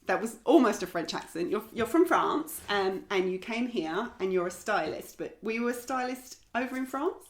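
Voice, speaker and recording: A woman's voice: medium pitch, animated, normal speed, few pauses. A woman hosting a podcast interview, chatty and friendly, laughing easily. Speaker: podcast host.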